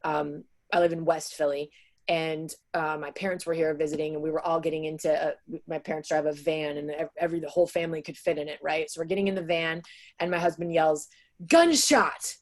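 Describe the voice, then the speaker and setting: Woman trainer in her 30s, slightly low voice, chatty webinar delivery heard over a video call, lots of ums and likes. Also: level tone, fast talker, a little mellow. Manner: chatty, with many "um" and "like" fillers. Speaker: sales trainer presenting to real estate agents. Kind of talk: casual webinar presentation.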